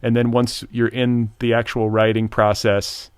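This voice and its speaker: A man's voice: medium pitch, flat delivery, a little slow, darkish tone, clear, resonant tone, no room sound. A man hosting a podcast, asking long, winding questions full of fillers and restarts. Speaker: podcast host. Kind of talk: conversational interview questions.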